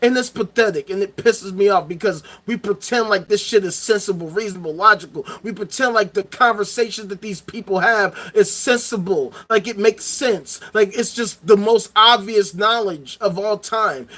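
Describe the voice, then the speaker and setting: A man's voice: high-pitched, normal speed, hardly any pauses, fairly bright tone. A man ranting angrily into the camera, profane and heated, hammering points home by repeating them. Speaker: vlogger. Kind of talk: angry ranting monologue.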